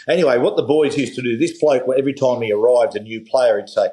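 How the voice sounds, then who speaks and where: A man's voice: mid-range voice, fast, few pauses, low-quality recording. Middle-aged man spinning yarns. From Australia. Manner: animated storyteller, acts out voices in anecdotes. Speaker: guest. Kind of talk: casual podcast chat.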